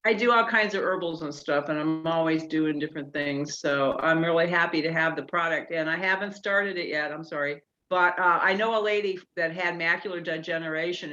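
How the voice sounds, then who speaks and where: A friendly, talkative woman with a bright tone joins a casual video call, joking easily as she speaks. Her audio comes through muffled and lo-fi. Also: sits low, steady tone, normal speed, hardly any pauses. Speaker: guest on a team call.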